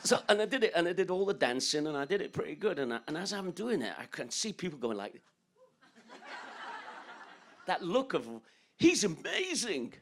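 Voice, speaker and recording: With a rather high, sing-song voice that's a bit bright, this older Englishman speaks at a normal speed with long pauses, over a faint hiss or hum. A guest musician in an interview, he spins wandering, jokey tales, laughing a lot and slipping into song and impressions of others' voices.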